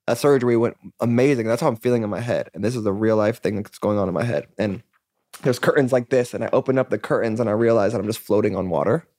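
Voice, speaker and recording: A man's voice: on the low side, quick pace, darkish tone, dry recording, studio quality. A man who is a musician and podcast guest, telling a long personal story in a rambling way, full of fillers and acted-out dialogue. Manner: rambling, filler-heavy, acts out quoted dialogue. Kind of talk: casual storytelling interview.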